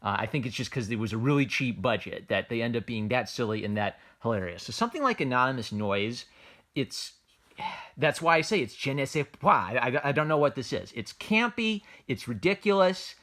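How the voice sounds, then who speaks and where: With big pitch swings, a medium, slightly bright voice and a somewhat fast pace, a man reviews manga off the cuff. He rambles, sounds amused, restarts his sentences frequently and keeps saying "like" and "uh."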